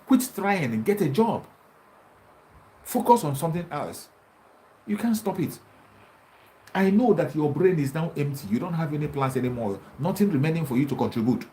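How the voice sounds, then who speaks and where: A man's voice: fairly high pitch, expressive, normal speed, pauses often, dark tone, slight background noise, rough recording. A man giving an impassioned political monologue, taunting and repeating himself as he challenges his opponents. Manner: combative, taunting, repetitive. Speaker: activist commentator.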